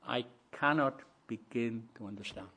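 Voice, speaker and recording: A preacher, a man, delivering a sermon, shifting between quiet reflective musing and loud rising proclamation. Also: mid-range voice, moderate pace, breathy edge.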